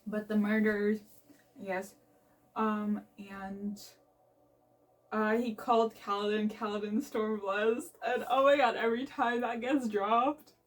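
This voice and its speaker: A young woman book vlogger chatting casually from her bed, gushing excitedly about a book with lots of fillers. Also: mid-range voice, takes it slowly. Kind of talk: casual reading vlog chat. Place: bedroom reading nook. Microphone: phone camera. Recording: voice from a distance.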